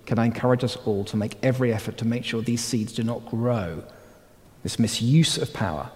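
A man's voice: medium pitch, fairly quick. Earnest male pastor preaching in a hall. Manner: earnest exhortation, trailing to quiet emphatic phrases. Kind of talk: sermon. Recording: long hall reverb.

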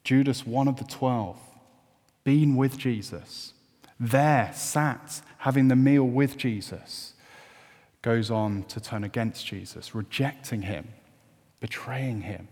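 Earnest preacher in a reverberant hall. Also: male voice, mid-range voice, takes it slowly, darkish tone. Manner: earnest, rising to emphatic. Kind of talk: sermon.

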